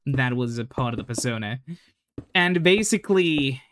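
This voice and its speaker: A man's voice: medium pitch, animated, normal speed, fairly bright tone, slight background noise. A man casually commenting while he plays a game, rambling with lots of fillers and the odd swear. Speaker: gaming channel host.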